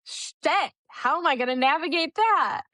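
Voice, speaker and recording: A young woman co-hosting a parenting podcast in casual chat, talking fast with lots of "like" and easing into a soft, slow tone at times. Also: sits high, no room sound, studio quality. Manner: chatty, heavy use of "like", drops to soft monotone when demonstrating. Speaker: podcast co-host.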